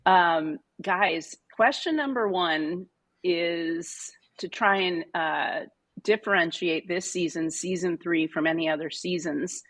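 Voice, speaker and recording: Female podcast host, fairly low-pitched, upbeat, steers the talk with questions. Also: slow pace, fairly bright tone. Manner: upbeat, asks questions, talks through fillers. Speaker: guest host. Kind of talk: casual podcast conversation.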